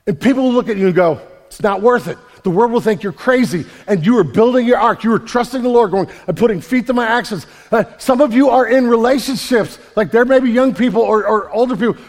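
A pastor preaching an emphatic sermon in a church, often repeating words and swinging from loud to quiet. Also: male voice, sits high. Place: church sanctuary. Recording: long hall reverb.

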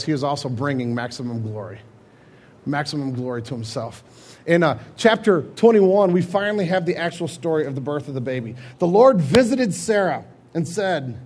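Husky-voiced preacher telling stories casually. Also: male voice, fairly high pitch. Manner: casual storytelling preaching, animated retellings. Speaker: pastor. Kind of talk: sermon.

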